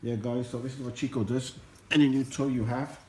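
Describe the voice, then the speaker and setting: Casual man, mid pitch, sing-song pet talk, echoey home room, noisy phone recording. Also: fairly even intonation, brisk. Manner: coaxing, talks to his monkey in a sing-song pet voice. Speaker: pet vlogger. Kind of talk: casual pet video narration. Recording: echoey room with noticeable noise.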